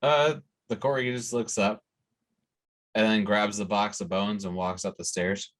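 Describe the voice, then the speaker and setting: Low bright-voiced man running a game. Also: a little slow. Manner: relaxed descriptive narration with fillers. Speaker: game master. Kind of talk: narrating a tabletop game.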